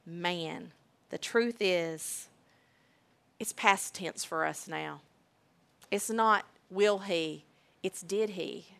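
Slow, emphatic woman preacher. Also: lowish voice, gravelly, fairly bright tone. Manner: emphatic, repeats key phrases, slow and deliberate. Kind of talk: sermon.

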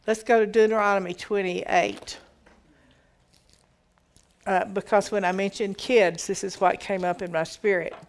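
A woman's voice: medium pitch, steady tone, unhurried, long pauses. A woman giving a conversational Bible teaching, reading verses aloud and explaining them with emphatic repetition.

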